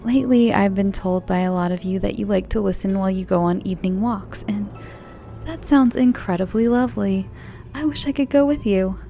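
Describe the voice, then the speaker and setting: A woman with an American accent tells creepy stories in a soft, friendly manner, now and then sinking to a whisper. Her voice is mellow and gently gravelly. Faint music plays behind her. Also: mid-range voice. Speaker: host and storyteller. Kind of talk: calm horror story narration.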